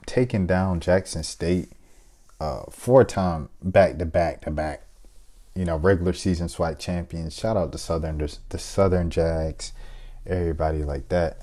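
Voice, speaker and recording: A young man with a low, mellow voice chats casually as he fills out a basketball bracket. He thinks out loud, full of hesitant fillers and playful shout-outs. His delivery stays relaxed and conversational. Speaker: sports video host. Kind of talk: casual bracket-picking chat.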